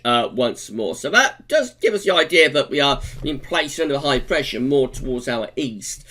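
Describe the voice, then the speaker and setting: A man's voice: mid-range voice, fairly bright tone. A man giving an informal long-range weather forecast over charts, chatty and unscripted, with frequent fillers and self-corrections. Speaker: weather forecaster, channel host.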